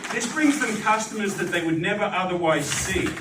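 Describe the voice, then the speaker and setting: A man giving a live sales pitch at a business networking meeting, animated and putting questions to the audience. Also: a little fast, background noise. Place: meeting room. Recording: echoey room, distant mic.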